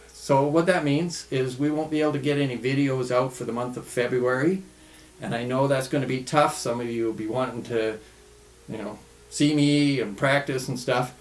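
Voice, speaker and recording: A man teaching tai chi in a home studio, calmly calling out the steps of a follow-along routine. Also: mid-range voice. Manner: calm, relaxed, calls out steps slowly. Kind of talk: follow-along movement instruction. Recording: echoey studio room.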